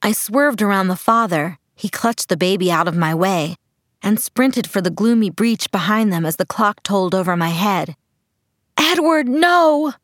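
A woman's voice: medium pitch, normal speed, no echo. Woman narrating an audiobook, dry and close. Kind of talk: first-person audiobook narration.

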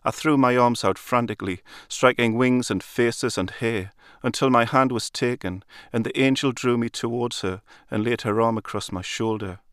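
A man reading a literary story aloud in a calm, measured storytelling manner. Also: mid-range voice, clear, resonant tone, dry recording, studio quality. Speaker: narrator. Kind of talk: literary audiobook narration.

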